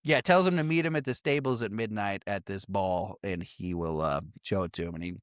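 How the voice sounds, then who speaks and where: A man's voice: fairly low pitch, a little fast, dry recording, clean studio sound. A man co-hosting a podcast, casually recapping a movie, swearing freely and laughing often. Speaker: podcast co-host.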